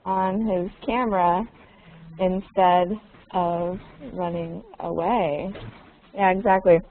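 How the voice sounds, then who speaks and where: A woman's voice: on the low side, steady tone, slow. A woman teaching a conversation class over a video call. She repeats her questions patiently and slips in Russian words to explain. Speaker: English teacher. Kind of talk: online conversation lesson. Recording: tinny, narrow call audio with faint noise.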